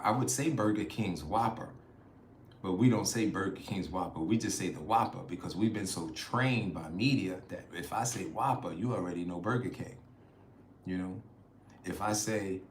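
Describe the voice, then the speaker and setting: Laid-back American man chatting on a livestream. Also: lowish voice. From United States. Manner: laid-back, chatty, laughs often, says "y'all". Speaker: travel vlogger reading live chat. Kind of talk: casual livestream chat. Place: outdoors in a city. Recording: echoey with faint ambient noise.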